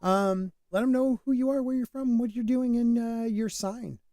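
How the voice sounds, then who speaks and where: A man's voice: very high voice, steady tone, moderate pace, warm tone, no room sound, clean studio sound. A man hosting a casual podcast panel on a video call, chatty and self-deprecating, often talking over his guests. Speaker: podcast host.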